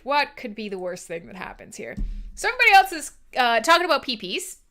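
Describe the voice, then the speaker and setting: A woman's voice: high-pitched, very animated, quick pace, sharp tone. A young woman hosting a casual livestream radio show, chatting playfully with her viewers and laughing at herself. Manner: giggly, playful, self-deprecating, chatty with viewers.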